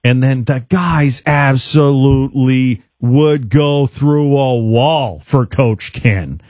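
A man's voice: mid-range voice, slow pace, darkish tone, dry recording, clean studio sound. Easygoing male radio sports host. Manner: easygoing, joking, asks follow-up questions. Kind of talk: casual radio chat. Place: radio studio.

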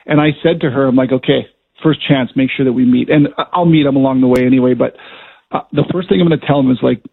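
A man's voice: mid-range voice, fairly even intonation, quick pace, creaky, breathy edge. A middle-aged man, a former hockey player turned color analyst, chatting and telling stories in a radio interview. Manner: chatty, storytelling, laughs often. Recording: tinny phone line.

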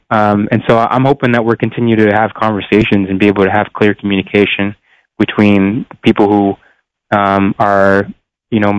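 Earnest young man, smooth and low-key. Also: no echo. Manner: earnest, searching for words. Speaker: professional football player. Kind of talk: radio interview guest. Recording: dull lo-fi line.

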